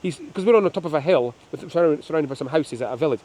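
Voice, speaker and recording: Middle-aged male falconer, quick and light-voiced; chatty demonstrator who slips into jokey anecdotes, recorded outside on a breezy hill. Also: a little high. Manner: chatty, joking, animated anecdotes. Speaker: falconer showing birds of prey. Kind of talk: hands-on demonstration with storytelling. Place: outdoors on a windy hilltop.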